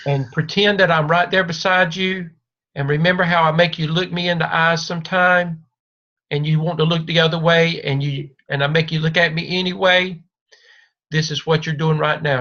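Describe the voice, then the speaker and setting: Over dull, lo-fi video call audio, a man with a somewhat high voice coaches a doctoral student one-on-one. His tone is steady and sharp, his pace moderate, and he speaks in a reassuring, repetitive way.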